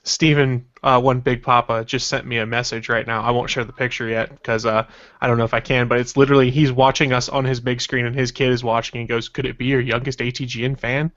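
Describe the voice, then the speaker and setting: A man's voice: mid-range voice, fast, lo-fi sound. A man hosting a casual podcast, loosely reading out news and chat messages. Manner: relaxed, rambling, reads out news and chat messages. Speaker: podcast host.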